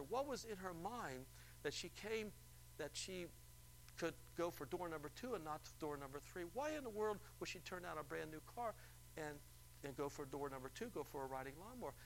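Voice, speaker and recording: A man's voice: a little high, lively intonation, a little fast, a little hiss or hum, low-quality recording. A male preacher telling a story in a church service and firing rhetorical questions at the congregation. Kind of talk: sermon.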